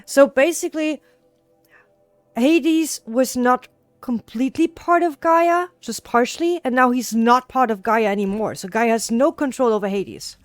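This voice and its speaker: A woman playing a video game, casually thinking out loud and reading in-game text aloud. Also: on the high side, measured pace, soft background music. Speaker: gaming video creator. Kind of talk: let's play commentary and reading aloud.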